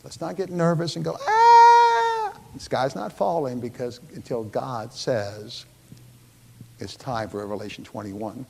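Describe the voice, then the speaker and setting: A man's voice: medium pitch, moderate pace, vocal fry, a little mellow, a little hiss or hum. A man pastor giving a Bible study sermon in a church, talking in a conversational, emphatic way and often checking in with his listeners. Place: church sanctuary. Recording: long reverb of a church hall.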